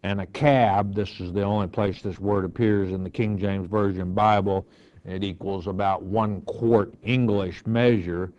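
In a dull lo-fi recording, an older pastor reads scripture aloud and unpacks it verse by verse at an unhurried pace, filling pauses often. His voice is lowish, steady, and a little mellow.

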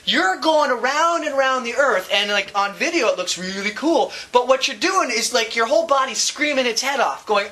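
A man's voice: very high-pitched, animated, normal speed, few pauses, bright, forceful tone. A man teaching a science lesson with props, playful and enthusiastic, adding little sound effects as he explains.

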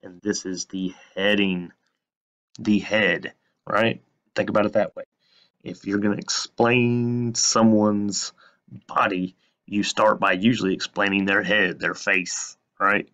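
A male teacher giving a recorded lesson, who asks questions and then answers them himself with slow emphasis. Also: fairly low pitch, level tone, fairly bright tone.

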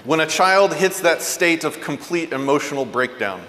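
A man giving a parenting talk, telling stories earnestly and going soft and low for tender points. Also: moderate pace, big-room sound, a little hiss or hum. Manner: earnest, animated storyteller, drops soft and low for tender moments. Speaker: parenting speaker. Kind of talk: motivational talk.

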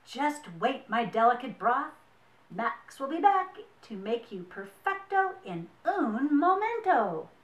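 A woman's voice: sits high, very animated, takes it slowly, roomy sound, dull audio, exaggerated voice. A woman voicing a proud, fussy male duck chef with theatrical, mock-Italian flourishes. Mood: grandly fussy.

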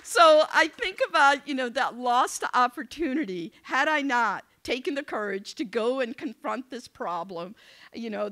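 A woman giving a motivational speech to young people, telling a story in an animated, conversational way and acting out the dialogue. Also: on the high side. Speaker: keynote speaker. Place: event venue.

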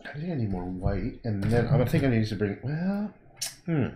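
A man's voice: mid-range voice, sing-song, moderate pace, echoey room, background noise. A man thinking aloud in a rambling, casual way as he paints during a livestream, often breaking off and muttering to himself. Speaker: painter livestreaming his work.

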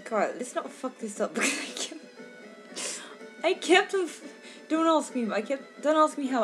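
A woman doing casual let's-play commentary, rambling and giggly, with lots of fillers and casual swearing. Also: a little high.

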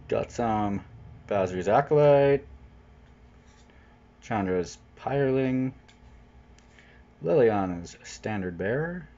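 A man chatting casually while opening trading card packs, jokey, with sudden excited outbursts. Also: medium pitch, takes it slowly, pauses often, highs cut off. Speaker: channel host unboxing cards. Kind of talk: casual unboxing commentary. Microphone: off-camera voice-over mic.

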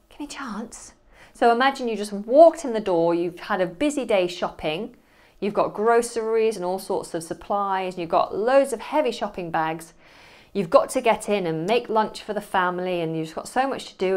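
A woman's voice: medium pitch, brisk, darkish tone. A middle-aged woman patiently explaining everyday English phrases and acting out short example dialogues. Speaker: English teacher.

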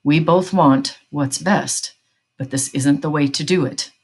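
Storybook read-aloud: a woman doing a steady father holding his nerve, low and firm. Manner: firm, measured. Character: steady farmer father trying to stay calm.

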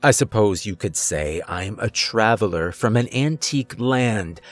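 A soft-spoken, sinister old stranger, as a male narrator puts him on, polite and formal with a quiet mocking edge. He savours every word slowly, over faint music. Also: fairly low pitch, expressive.

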